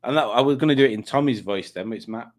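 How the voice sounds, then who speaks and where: A man's voice: mid-range voice, racing. A man hosting a casual livestream, chatting and teasing as he reads out viewers' comments. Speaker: livestream host reading chat.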